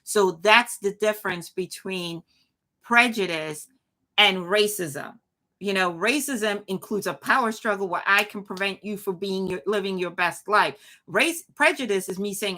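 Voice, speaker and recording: A woman's voice: mid-range voice, a little slow, pushed and bright. A woman hosting a live commentary show, talking emphatically with frequent restarts and replies to chat. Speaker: show host.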